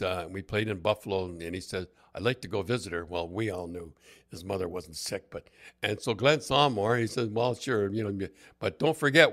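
A man's voice: mid-range voice, fairly bright tone. Older man telling rambling stories. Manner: rambling, laughing, repeats words. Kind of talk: casual anecdotal storytelling.

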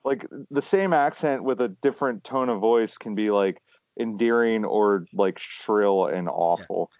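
A man co-hosting a podcast, telling stories in a rambling, animated casual chat. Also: fairly low pitch, measured pace, dry recording. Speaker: podcast co-host. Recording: dull lo-fi sound.

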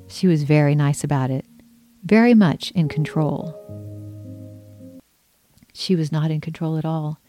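A woman's voice: sits low, a little slow, pauses often, dark tone, soft background music. A woman reading her own memoir aloud, telling her story in an earnest, emotional first-person way.

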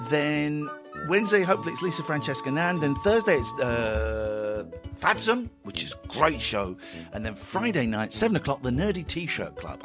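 Animated radio host, rambling. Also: male voice, on the high side. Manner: rambling, self-mocking, restless. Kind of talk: casual radio chat.

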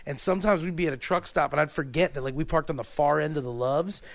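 A man's voice: fairly high pitch, fast talker, vocal fry. A man in his forties, a podcast host, telling rambling, profane stories and acting out the voices in them. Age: 40s. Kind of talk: crude comedic storytelling.

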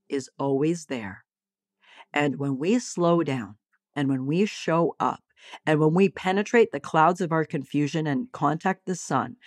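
A woman with a low-pitched voice, a psychologist and teacher, gives an expressive motivational talk about acceptance. She calls listeners sweethearts and darlings and slows to stretch key phrases. The sound is clean studio audio with no echo.

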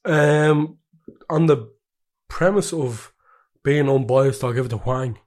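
A man's voice: medium pitch, takes it slowly, darkish tone. A man co-hosting a football podcast, chatting casually and joking often. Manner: jokey, laughs often. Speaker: podcast co-host.

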